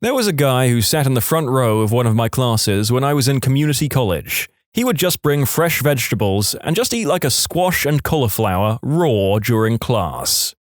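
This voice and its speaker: A man reading online stories aloud as scripted narration, expressive, with dry asides. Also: mid-range voice, moderate pace, hardly any pauses, no room sound.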